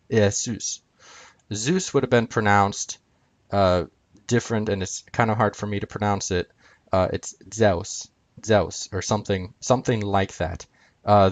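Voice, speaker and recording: Hesitant low-voiced man explaining slowly. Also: no echo. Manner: hesitant, many ums and uhs, pointing at on-screen letters. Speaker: video presenter explaining Greek spellings. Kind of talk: casual screen-share explanation.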